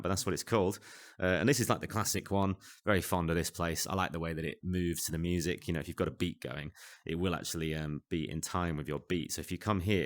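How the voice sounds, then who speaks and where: A man hosts a casual tutorial for a VR music app at home. He talks into a desk microphone in a chatty, rambling, self-deprecating way, with many asides. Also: low-pitched.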